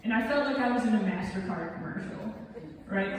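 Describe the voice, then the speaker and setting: A woman's voice: medium pitch, animated, fairly quick, distant mic. A young woman telling a comic personal story on stage, with self-deprecating timing. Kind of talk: live storytelling performance. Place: theatre stage. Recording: echoey hall recorded from afar. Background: audience laughter.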